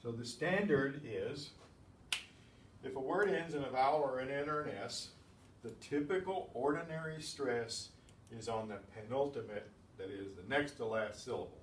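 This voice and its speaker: A man teaching a beginners Spanish class, explaining patiently with slow, repeated examples. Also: medium pitch, a little hiss or hum. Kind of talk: classroom lesson. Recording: echoey room, distant mic.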